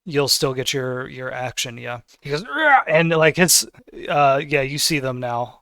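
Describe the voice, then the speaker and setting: A man's voice: mid-range voice, steady tone, a little slow, sharp tone, smooth, no echo, studio quality. A man acting as game master of a tabletop game, talking casually and rambling, with many fillers and restarts. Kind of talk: running a tabletop game over voice chat.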